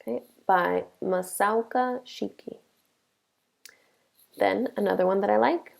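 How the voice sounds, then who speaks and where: Slow, gravelly-voiced woman teacher. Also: medium pitch, a little mellow. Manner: slow, deliberate explaining with frequent "okay?" checks. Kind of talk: classroom lesson.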